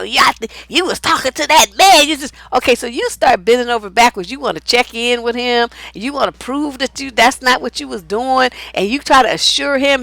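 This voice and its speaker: A woman's voice: a little high, vocal fry, a bit bright, dry recording. Blunt, profane coach woman, dry sound. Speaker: relationship coach. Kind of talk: casual storytelling monologue.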